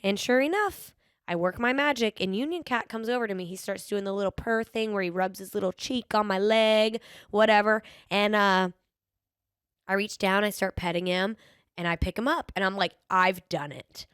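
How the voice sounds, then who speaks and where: A woman's voice: medium pitch, fairly even intonation, normal speed, a bit bright, clear, resonant tone, no echo, studio quality. A young woman hosts a podcast, chatting casually and telling stories with a playful, sassy edge and lots of ums. She has a slight lisp now and then. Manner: chatty storyteller, frequent ums, playful sass. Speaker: podcast host. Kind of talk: casual solo podcast chat.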